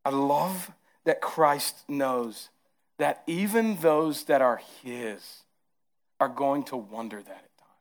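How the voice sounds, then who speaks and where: Delivering a sermon, this pastor speaks with a Southern accent at a medium pitch and a slow tempo. He alternates quiet, gentle lines with emphatic surges.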